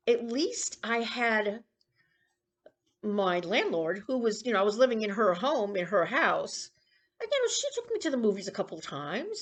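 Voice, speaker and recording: A woman in her sixties rambling and confiding in a casual personal vlog, with coughs and throat-clearing. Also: on the high side, a bit bright. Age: 60s. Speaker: vlogger.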